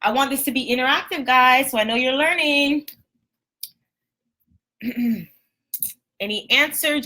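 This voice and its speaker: A young woman with a scratchy throat teaching trading basics on a live stream, chatty and apologetic, clearing her throat often. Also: high-pitched, a little slow, long pauses, sharp tone. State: hoarse, throat irritated after a run. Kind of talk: casual live lesson.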